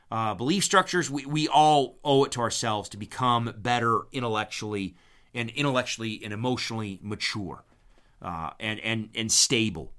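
Bright-voiced man rambling casually. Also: lowish voice. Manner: rambling, frequent restarts and stammered repeats; animated when retelling arguments, acting out quotes. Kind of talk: casual monologue.

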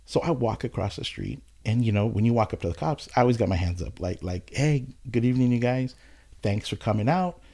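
Low gravelly guy telling a story to a buddy, kinda husky, acts out the voices. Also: big pitch swings, quick pace, few pauses, darkish tone. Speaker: storyteller in casual conversation. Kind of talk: casual chat.

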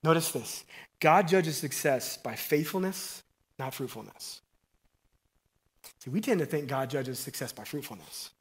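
Energetic preacher, higher-pitched man. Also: a little slow, pauses often. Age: middle-aged. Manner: energetic and conversational, swinging from loud emphasis to quiet asides. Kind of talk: sermon.

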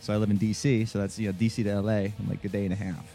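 Low, mellow-voiced man chatting casually. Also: level tone, racing. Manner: rambling storyteller, laughs easily. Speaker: podcast co-host. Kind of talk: casual chat. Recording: faint rock music behind. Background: faint rock music.

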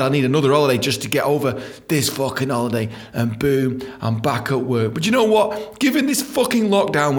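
A young man, telling a rambling, profane comic story as a podcast host. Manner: profane, animated storytelling with sudden high-pitched voices.

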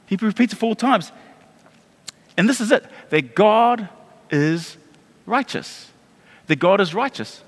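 High-voiced man preaching in a hall. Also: takes it slowly, long pauses. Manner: animated preaching with repetitions and restarts. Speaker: pastor. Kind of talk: sermon.

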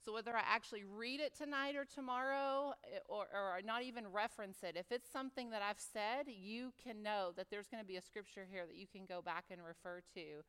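A woman with a Texas drawl addresses a church women's retreat in a casual, folksy sermon style, full of asides and fillers. Her voice is smooth and resonant. It rings out with long reverb in a large church hall. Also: mid-range voice, brisk, hardly any pauses, a bit bright. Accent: Texan.

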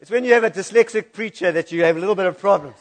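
Animated church preacher, fairly high voice. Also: male voice, very fast. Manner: animated, laughing at his own slip-ups. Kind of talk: sermon with scripture reading.

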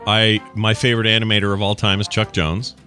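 A man's voice: fairly low pitch, level tone, brisk, sharp tone, faint music behind. A man hosting a comedy podcast, chatting in a rambling, wry way and taking callers. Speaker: podcast host. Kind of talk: casual comedic chat.

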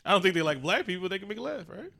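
A man's voice: high voice, very animated, very fast, gravelly, sharp tone. A man co-hosting a casual chat, telling stories with lots of swearing and laughter. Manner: profane, laughing storyteller. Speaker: podcast co-host.

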